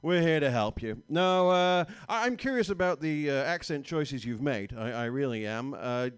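A man's voice: a little high, animated, normal speed, clear, resonant tone. A man from Britain with a British accent, performing a stand-up comedy set in a small bar, dry and self-mocking with stammering restarts.

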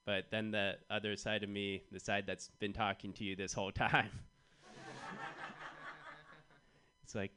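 Slow, self-deprecating young man doing stand-up. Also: fairly low pitch, flat delivery, sharp tone, a little hiss or hum. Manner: self-deprecating, awkward storytelling. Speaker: stand-up comedian. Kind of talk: stand-up comedy set. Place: comedy club stage.

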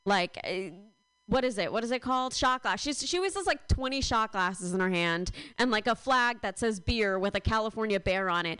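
A woman's voice: on the high side, lively intonation, normal speed, bright, forceful tone, smooth, no room sound. A young woman in her twenties doing a rambling stand-up set, full of fillers and self-deprecating asides. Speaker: stand-up comedian.

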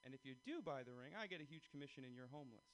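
A man's voice: medium pitch, animated, racing, a little hiss or hum, low-quality recording. A young man performing a stand-up comedy set, talking animatedly and acting out other people's lines.

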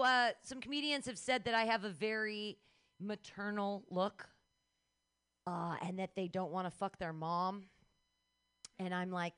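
A woman's voice: on the low side, a bit bright, smooth. A middle-aged woman performing a stand-up set in a comedy club, in a blunt, conversational way.

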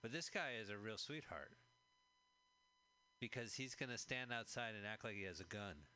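Picture a man in easy, rambling conversation with a friend while a movie plays. His voice is bright and clear, and his talk is loose and jokey, full of quick asides and goofy put-on voices. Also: lowish voice, lively intonation. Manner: jokey, slips into silly impressions. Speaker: podcast co-host. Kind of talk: casual movie commentary chat.

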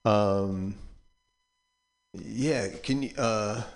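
A man's voice: fairly low pitch, noisy background. Rambling older man radio DJ. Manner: rambling and halting, drifting between thoughts. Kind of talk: casual on-air chat between records. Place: community radio studio.

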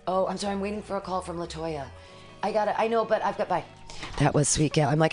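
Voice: medium pitch, brisk, soft background music. A radio host doing a sarcastic, rambling political monologue with jokey asides and reading a document aloud in a studio.

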